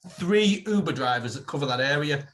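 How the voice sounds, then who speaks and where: A man co-hosting a casual comedy podcast, playful and quick to laugh. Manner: playful, giggly, lively pitch swings. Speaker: podcast co-host.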